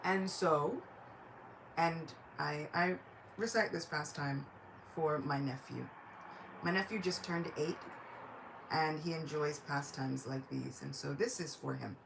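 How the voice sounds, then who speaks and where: A woman giving a devotional lecture, telling a sacred story in a lively, chatty way. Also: deep voice, slow, gravelly, a little hiss or hum.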